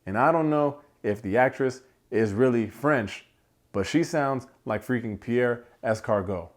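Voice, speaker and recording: A man hosting a casual film review, animated, slangy and joking as he rants. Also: mid-range voice, unhurried. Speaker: movie reviewer, channel host.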